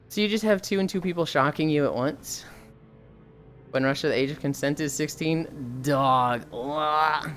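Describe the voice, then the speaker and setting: A livestreamer chatting casually and reading viewer messages aloud, blunt and sighing often, swearing freely. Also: medium pitch.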